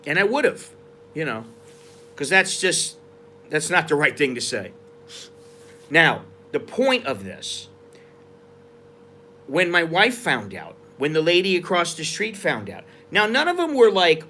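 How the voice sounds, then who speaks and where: A man's voice: fairly high pitch, very animated, measured pace, long pauses, sharp tone. A man from the United States telling a story and ranting on a live stream, heated and profane. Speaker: vlogger. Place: outdoors at a market.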